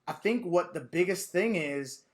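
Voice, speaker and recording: A man's voice: high voice, a little slow. A young man co-hosting a casual podcast chat, telling stories and acting out quotes with lots of energy. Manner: animated storyteller, acts out quotes. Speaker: podcast co-host.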